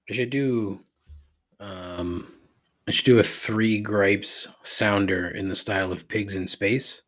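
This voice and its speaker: A middle-aged man hosting a podcast, rambling through a profane rant that climbs in pitch when he gets riled. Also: slow pace, a bit bright. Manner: rambling and repetitive, swears freely, rises in pitch when riled. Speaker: podcast host. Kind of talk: casual profane ranting monologue.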